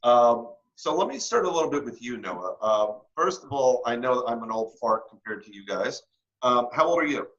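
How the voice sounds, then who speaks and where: A man's voice: medium pitch, expressive, normal speed, fairly bright tone. A man hosting a casual interview, rambling and stammering, cracking jokes as he goes. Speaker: host. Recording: dull lo-fi recording.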